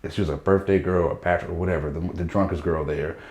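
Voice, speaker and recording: A low-pitched man tells a story at a rapid clip, animated and slipping into other people's voices as he quotes them. The sound carries an echoey room around it. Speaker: stand-up comedian, guest. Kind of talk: casual storytelling chat.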